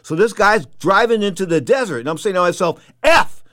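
A middle-aged man telling a casual anecdote, animated and rambling, full of repeats and fillers. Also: high-pitched, fast, no room sound, clean studio sound. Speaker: storyteller.

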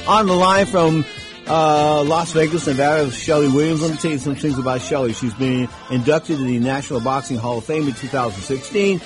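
A man's voice: fairly high pitch, a little fast, music in the background. A male radio host telling rambling stories during an interview, with lots of restarts. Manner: rambling anecdotes with many restarts. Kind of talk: casual storytelling interview.

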